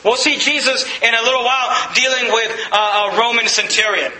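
A male pastor preaching a sermon, emphatic and full of rhetorical questions, rising to shouts at the peaks. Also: extremely high pitch, steady tone, moderate pace. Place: church sanctuary. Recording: echoey church room.

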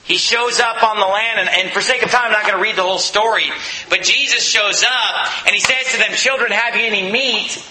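A man's voice: sits high, a little fast, bright, forceful tone, echoey room, rough recording. A man preaching a sermon in an emphatic, conversational way, asking the listeners questions.

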